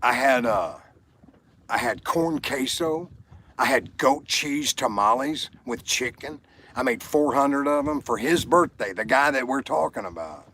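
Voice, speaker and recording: Chatting casually on his livestream, this host wanders between subjects, reads out comments and speaks to viewers by name. He talks a little slowly in an expressive, mid-range voice that is husky and a bit bright.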